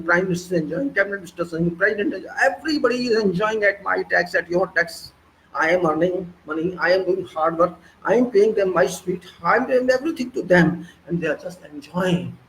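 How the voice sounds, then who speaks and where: A man's voice: sits high, a little hiss or hum, low-quality recording. A man with an Indian accent delivering an impassioned, ranting political monologue with heavy repetition. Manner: excitable, ranting, repetitive emphasis. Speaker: political commentator.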